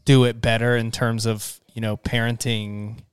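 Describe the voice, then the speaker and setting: A young man co-hosting a podcast, playful and quick to laugh, steering the chat with questions. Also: mid-range voice, little pitch movement, clear, resonant tone, no echo, studio quality. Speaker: podcast co-host.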